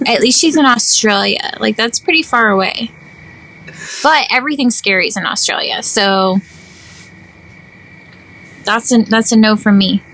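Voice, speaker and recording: Animated, playfully dramatic young woman. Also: a little high, moderate pace, pauses often, low-quality recording. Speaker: podcast co-host. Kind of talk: casual chat.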